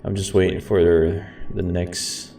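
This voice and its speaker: Low-voiced casual male streamer with a rambling manner, recorded a bit off-mic with faint hiss. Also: level tone, takes it slowly, mellow. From grew up in a city. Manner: laid-back, rambling, says "man" and "guys". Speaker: flight sim streamer. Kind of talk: casual gameplay commentary. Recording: echoey room, mic far off, faint hiss.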